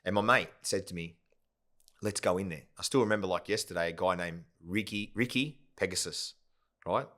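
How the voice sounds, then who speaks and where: A man with a low, fairly bright voice speaks at a moderate pace as a podcast guest. The company founder tells his story casually and meanderingly, frequently tacking on "yeah?" and "right?".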